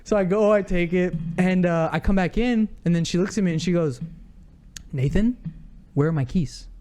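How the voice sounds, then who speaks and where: Male podcast co-host with a high voice; animated, laughing storyteller. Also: fairly quick, smooth. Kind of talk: casual chat.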